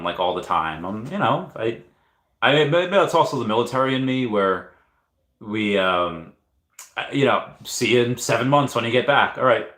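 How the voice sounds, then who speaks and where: A man in his thirties with a lowish, fairly bright voice hosts a livestream in an echoey room. He chats casually in a rambling way, reading viewer comments aloud, and often hesitates and restarts his sentences.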